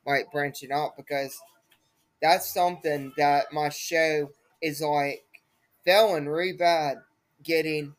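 A woman's voice: sits low, fairly even intonation, takes it slowly. A young adult woman hosting her own podcast, talking alone in a rambling, repetitive way with lots of fillers. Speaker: podcast host. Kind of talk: casual solo podcast monologue.

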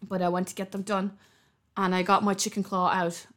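A woman co-hosting a podcast in casual chat, telling animated stories and acting out other people's voices with laughter. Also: medium pitch, brisk. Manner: animated storyteller, acts out voices with loud laughter. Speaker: podcast co-host.

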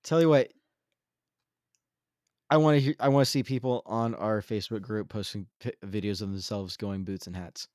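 A man's voice: lowish voice, fairly even intonation, normal speed, a little mellow, no echo, clean studio sound. A young man from the Central Coast of California, co-hosting a podcast in casual, self-deprecating, joking chat. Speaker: podcast co-host.

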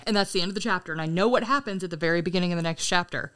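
A woman's voice: on the low side, rapid-fire, a bit bright, clean tone. A young adult woman co-hosting a podcast, telling stories in casual chat, laughing often and swearing freely. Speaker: podcast co-host.

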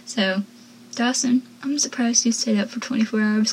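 A woman's voice: fairly high pitch, moderate pace, background noise. A young woman talking casually about a TV episode, rambling and chatty, sounding tired. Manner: chatty, rambling, with frequent laughs. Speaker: TV show recapper.

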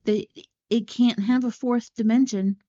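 A woman co-hosting a casual movie podcast, swearing freely and going off on animated tangents. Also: on the high side, a little slow, lo-fi sound. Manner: profane, tangent-prone, animated. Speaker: podcast co-host.

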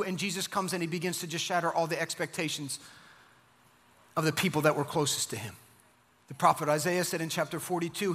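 Fervent high-voiced preacher, echoey hall. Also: male voice, brisk, husky. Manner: animated, emphatic, rising to fervent peaks. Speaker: pastor. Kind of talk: sermon.

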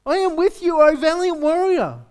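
A man's voice: extremely high pitch, animated, moderate pace, a little mellow, pitched above the performer's own voice. A man voicing God as a commanding, encouraging male voice within a sermon, delivered in a rising, urgent and emphatic manner.

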